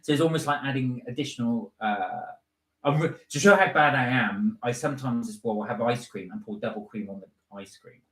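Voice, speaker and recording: A man's voice: medium pitch, a little fast, fairly bright tone. A man co-hosting a live stream, chatting casually and reading viewer comments aloud. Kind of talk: casual chat. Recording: roomy echo.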